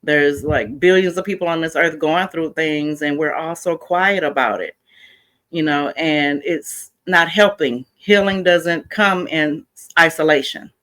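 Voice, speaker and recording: A woman's voice: deep voice, measured pace, a bit bright. A middle-aged woman from Houston, a mental health coach, talking earnestly and casually as a podcast guest with many fillers. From Houston, Texas. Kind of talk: casual interview talk.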